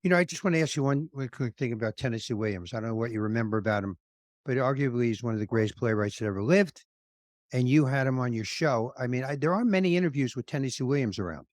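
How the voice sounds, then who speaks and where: A man co-hosting a podcast interview, telling lively stories and laughing at himself. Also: mid-range voice, quick pace, dry recording, clean studio sound. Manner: animated storyteller, laughs at himself. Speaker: podcast co-host. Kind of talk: casual interview chat.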